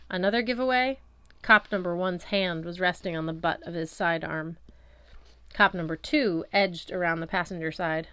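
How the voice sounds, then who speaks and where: A woman's voice: fairly low pitch, a bit bright, clean tone, no room sound. A woman narrating a first-person audiobook chapter in a wry, conversational storytelling manner. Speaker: audiobook reader.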